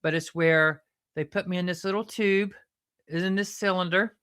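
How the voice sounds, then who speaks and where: A woman's voice: on the low side, steady tone, normal speed, a bit bright, clear, resonant tone. A woman with a Southern US accent, hosting a chatty, earnest, self-mocking update. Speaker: host. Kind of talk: casual comedic update.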